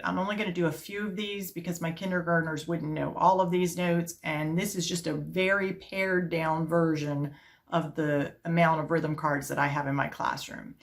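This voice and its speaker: A middle-aged woman, an elementary music teacher, explaining her classroom routine step by step and chanting rhythm syllables to a steady beat. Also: fairly low pitch, creaky. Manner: explains step by step in a calm, practical way. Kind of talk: teaching video demonstration.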